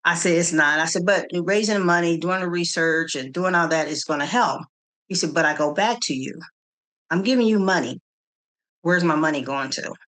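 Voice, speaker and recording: A middle-aged woman from the Kansas City area, telling her story in an interview with animated quoted dialogue and frequent restarts. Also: fairly low pitch, normal speed. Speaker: interview guest, nonprofit founder.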